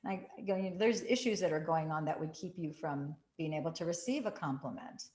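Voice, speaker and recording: A woman telling a story in a casual way, acting out the quotes with big jumps in pitch. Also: a little fast, a little mellow. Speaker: group participant sharing a story. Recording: roomy echo.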